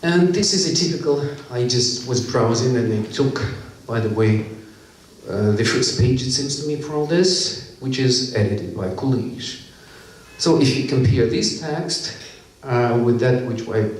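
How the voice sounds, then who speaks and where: Man lecturing in a very echoey hall. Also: mid-range voice. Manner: explanatory, lecturing from slides. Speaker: conference lecturer. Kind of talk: academic lecture. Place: conference hall. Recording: echoey hall, mic far off.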